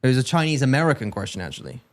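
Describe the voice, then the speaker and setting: A British man co-hosting a relaxed podcast conversation. He rambles, trips over his words, restarts and jokes along the way. His pitch sits mid-range for a man. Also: racing. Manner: rambling, self-correcting, jokey. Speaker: podcast co-host. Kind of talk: casual chat.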